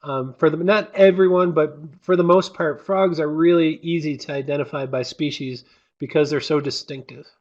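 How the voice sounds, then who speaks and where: Higher-voiced male host, lo-fi. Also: fairly even intonation, a little mellow. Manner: chatty, prompting questions, halting restarts. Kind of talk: casual educational discussion.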